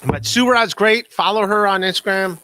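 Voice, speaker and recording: A man runs a loose podcast livestream, rambling, laughing at himself and tripping over repeated words as he reads chat. His voice is bright and slightly high. The sound is dry and close, with no room in it. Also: moderate pace, dry recording. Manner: rambling, self-deprecating, laughs often, stammers. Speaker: podcast host. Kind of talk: casual livestream chat, reading chat messages.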